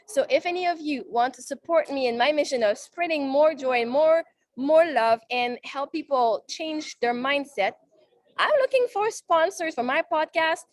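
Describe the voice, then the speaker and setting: Woman podcast host, native French speaker, high voice, casual live chat. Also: no room sound. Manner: chatty and animated, retelling conversations in quick asides. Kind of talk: casual monologue to a live audience. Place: event salon.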